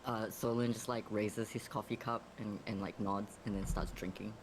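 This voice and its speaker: A man playing a tabletop game, tossing in wry, quick reactions. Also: fairly low pitch, fairly even intonation, a little hiss or hum. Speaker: player. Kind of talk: casual tabletop game chat.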